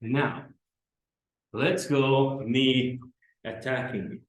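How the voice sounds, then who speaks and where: Man, self-defense coach, slow halting delivery, very echoey gym. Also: mid-range voice, fairly even intonation. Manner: slow, halting instruction with many pauses. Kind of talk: demonstrating drills to camera. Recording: very echoey training room.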